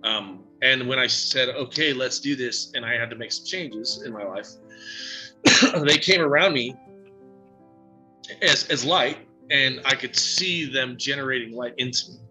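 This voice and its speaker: A man with a very bright, forward voice tells his story in a halting, emotional way, full of fillers and restarts. Faint music plays underneath him. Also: medium pitch, poor audio. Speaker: psychic medium guest. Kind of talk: casual interview storytelling.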